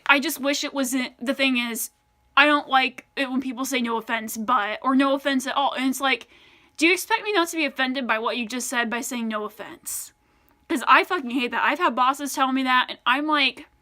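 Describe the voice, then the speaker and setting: A woman's voice: fairly high pitch, sharp tone. A young woman from the United States ranting in an unedited vlog, exasperated and swearing a lot, with many "like"s. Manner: profane, exasperated ranting with frequent "like". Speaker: vlogger.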